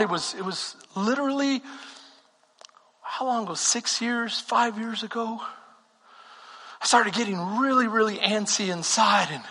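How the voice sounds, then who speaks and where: A middle-aged man from Texas preaches a sermon in a very high, bright voice. He repeats his phrases, climbing to shouts and then dropping to a hush for personal stories. The sound rings with the long reverb of a church hall. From Texas, USA. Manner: repetitive, swings from shouted fervor to hushed confessional storytelling. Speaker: pastor. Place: church sanctuary.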